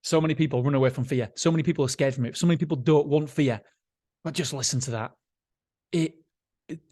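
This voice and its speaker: A man's voice: medium pitch, darkish tone. A man hosting a podcast, talking in a casual motivational monologue, blunt and candid with free swearing, often repeating himself and restarting sentences. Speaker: podcast host.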